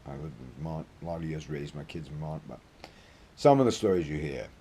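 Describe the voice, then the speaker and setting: A low-voiced man in his sixties with a broad Maine accent, spinning a rambling yarn to camera. His tone is dark and mellow, and he swears freely as he goes. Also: animated, fast, husky. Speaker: vlogger. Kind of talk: casual storytelling.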